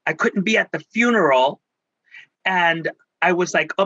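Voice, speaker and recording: A theatrical man from Texas speaks in a high, bright voice with a husky grain, acting out every voice he quotes. The recording is dry and slightly muffled and lo-fi, like a call with no room sound. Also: a little slow, slight background noise. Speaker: guest, spiritual healer. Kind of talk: emotional storytelling in conversation.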